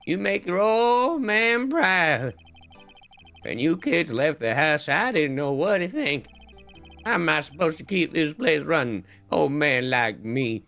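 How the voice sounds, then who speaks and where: Doting old game-shop father, drawn-out and fond, done by a streamer. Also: mid-range voice, sing-song, a bit bright, faint music behind, exaggerated voice. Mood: proud.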